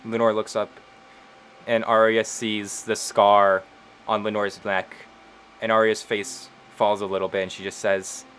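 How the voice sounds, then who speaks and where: A man narrating a tabletop role-playing game as game master, unhurried, with frequent fillers. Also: on the low side, little pitch movement, fairly bright tone, slight background noise.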